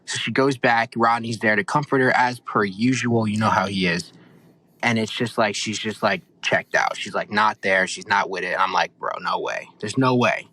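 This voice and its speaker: A young man on a podcast, excitedly recapping a reality show in a rambling, animated way. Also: on the low side, moderate pace, rough recording. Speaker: podcast co-host.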